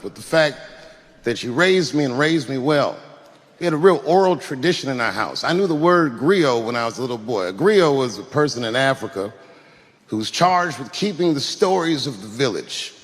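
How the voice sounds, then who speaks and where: A man giving a heartfelt tribute speech, speaking earnestly and directly to his mother. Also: medium pitch. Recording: reverberant hall.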